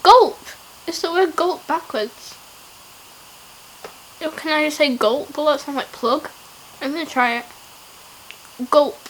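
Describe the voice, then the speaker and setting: A woman's voice: high-pitched, measured pace, long pauses, fairly bright tone, a little hiss or hum, rough recording. Giggly young woman vlogging. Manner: giggly, playful, self-mocking. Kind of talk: casual challenge vlog.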